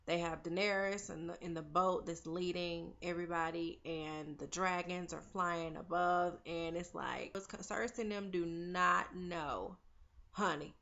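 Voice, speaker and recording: A woman's voice: fairly low pitch, fairly even intonation, a little slow, vocal fry, fairly bright tone, dull audio. A young woman casually recapping a TV episode, chatty and opinionated, talking to viewers like friends. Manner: chatty and opinionated, talks to viewers as "girl" and "y'all". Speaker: TV recap vlogger.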